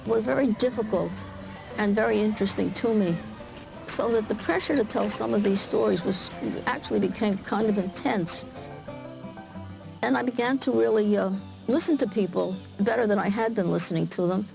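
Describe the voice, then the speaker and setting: An older woman with a gravelly, creaky edge, talking in a thoughtful, unhurried documentary interview. She circles back on her words, repeating little phrases as she gathers her thoughts, then shifts into reading her own writing aloud. Faint music plays underneath. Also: medium pitch, rough recording. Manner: reflective, halting with small repetitions. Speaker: writer.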